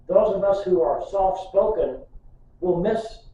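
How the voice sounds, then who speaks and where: A man's voice: high-pitched, unhurried, mellow. Older pastor, man, homespun sermon with jokes; distant mic, heavy church echo, faint room hiss. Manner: folksy storytelling with humor. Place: church sanctuary. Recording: distant, echoey, muffled church recording.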